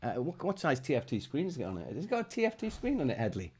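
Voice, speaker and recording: A man's voice: mid-range voice, huge pitch swings, rapid-fire, a little mellow, slight background noise. A middle-aged man co-hosting a casual live chat show, joking and laughing often. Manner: jokey, teasing, laughs often. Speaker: co-host.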